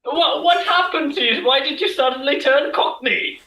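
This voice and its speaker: A man's voice: very high-pitched, moderate pace, pushed and bright. A man performing in an online improv scene, speaking playfully over a video call. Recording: echoey, distant mic on a video call.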